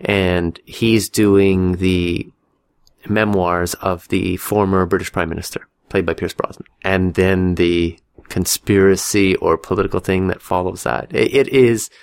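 A man with a fairly low voice chats casually as a podcast co-host. He rambles and restarts his sentences, and slips in dry jokes as he talks through films. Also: steady tone, a little slow, vocal fry, smooth. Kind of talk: casual chat about movies.

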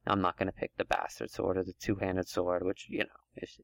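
A man's voice: low voice, completely flat delivery, fairly quick, creaky, no room sound. A man hosting a casual podcast chat, talking things through at length in long run-on stretches. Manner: chatty, thinks aloud in long run-on stretches. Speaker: podcast host.

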